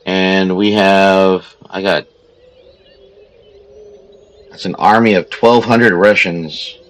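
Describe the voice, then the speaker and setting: A man's voice: low-pitched, steady tone, takes it slowly, low-quality recording. A man, a streamer who also teaches, chatting casually while he plays a strategy game, telling a story in a rambling way with many restarts.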